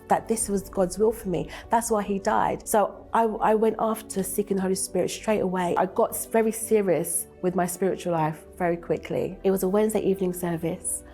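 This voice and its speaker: A woman's voice: on the low side, a little mellow. A woman in her twenties telling her own story on a talk show, earnest and emotional. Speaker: guest sharing testimony. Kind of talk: personal testimony on a talk show.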